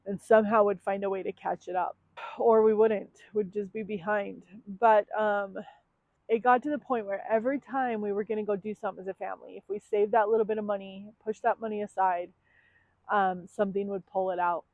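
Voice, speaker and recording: A woman's voice: medium pitch, steady tone, fairly quick, dry recording. A woman in her thirties telling her own story in a candid, emotional vlog, full of ums and likes. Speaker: vlogger. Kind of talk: personal confessional vlog. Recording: dry, tinny phone-like sound.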